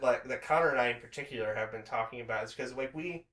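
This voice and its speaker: A man's voice: mid-range voice, fast talker, a bit bright, reverberant. A man co-hosting a podcast in casual chat, rambling with many restarts and filler words. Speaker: podcast co-host.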